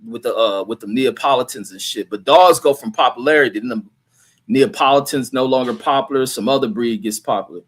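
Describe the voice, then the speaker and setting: A man's voice: medium pitch, a little fast, slightly rough. A middle-aged man hosting a livestream, reading viewer comments aloud and riffing on them in a blunt, profane, rambling way. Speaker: livestream host.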